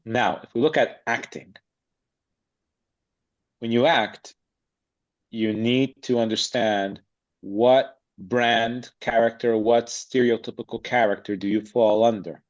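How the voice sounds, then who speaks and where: A man's voice: mid-range voice, steady tone, takes it slowly, long pauses. A man speaking as a podcast guest about acting, blunt and emphatic in a streetwise way. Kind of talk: casual interview chat. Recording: slightly dull lo-fi sound.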